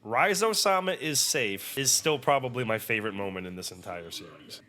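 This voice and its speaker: A young man hosting an anime reaction video, chatting in an excitable, profane, animated way. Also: medium pitch, normal speed. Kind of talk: casual reaction commentary.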